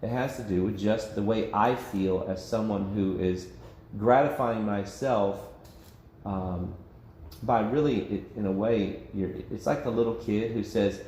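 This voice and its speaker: A man's voice: on the low side, a little slow, dark tone, echoey room, slight background noise. A man leading an informal Bible study discussion as pastor, conversational and self-interrupting, often laughing. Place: church meeting room.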